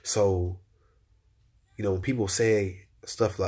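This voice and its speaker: A man giving a personal testimony of encouragement in a preacher-like way, repeating phrases and rising in pitch when he exhorts. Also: steady tone, moderate pace, husky.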